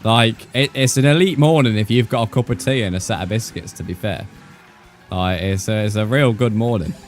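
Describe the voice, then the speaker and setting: Young british guy streaming, chatty with chat, kinda low voice, bit of music in the back. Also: fairly quick. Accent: British English. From United Kingdom. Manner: chatty, uses slang like mate and bro. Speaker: gaming streamer. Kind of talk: casual live-stream chat with viewers.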